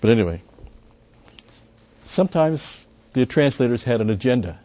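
A man with an animated, mellow, mid-range voice teaches verse by verse through a Bible passage at a moderate pace. He keeps it conversational, restarting and adding asides often, and hits key words with force. The recording sounds dull and lo-fi.

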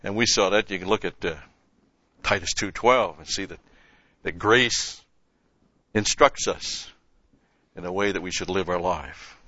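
A man with a lowish, forceful voice gives a conversational Bible-study sermon, pushing his pitch and volume up on the points he wants to land and answering his own rhetorical questions. The recording is dull and lo-fi, with a dry, close sound. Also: a little slow, pauses often, no room sound. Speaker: Bible teacher.

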